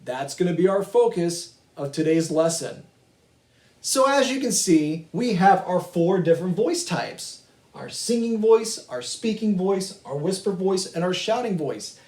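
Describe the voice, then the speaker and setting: A male music teacher leads a virtual kindergarten lesson, patiently encouraging young children and their families. His high-pitched voice is animated and a little slow, with a darkish tone, in an echoey room.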